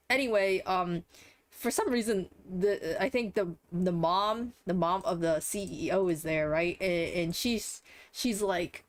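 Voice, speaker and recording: A woman's voice: mid-range voice, unhurried. A tired young woman with a congested, nasal voice, rambling casually through a recap with lots of fillers and swearing.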